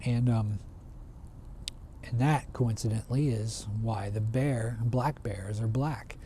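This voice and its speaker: A man retelling a traditional folk tale in a relaxed, conversational way, often restarting his phrases. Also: mid-range voice, takes it slowly, a little hiss or hum. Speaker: storyteller. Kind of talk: casual oral storytelling.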